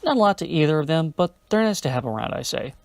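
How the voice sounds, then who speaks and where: A man's voice: fairly high pitch, big pitch swings, fast talker, gravelly, no echo. A man giving a casual film review with enthusiastic, wry asides.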